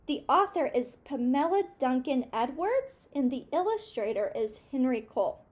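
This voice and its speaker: A woman's voice: high voice, big pitch swings, moderate pace, darkish tone. A woman reading a children's storybook aloud expressively, stopping to ask her young listeners questions.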